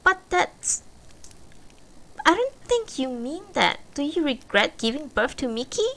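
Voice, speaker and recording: A woman's voice: high voice, sing-song, a little slow, a bit bright, voice pushed up, heavily acted. A woman voicing an insistent, urgent middle-aged woman who presses her questions.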